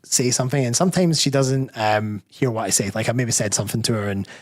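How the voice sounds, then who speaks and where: A man's voice: medium pitch, fast talker, a little mellow. Candid Scottish man, rambling chat. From Scotland. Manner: candid, rambling, self-correcting. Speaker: guest, personal trainer and bodybuilder. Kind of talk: casual interview chat.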